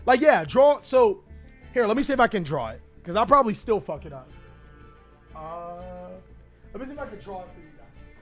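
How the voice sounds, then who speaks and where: Animated high-voiced young man storyteller. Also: normal speed, soft background music. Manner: animated, laughing, profane, chatty. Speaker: channel host. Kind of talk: casual storytelling to a live chat.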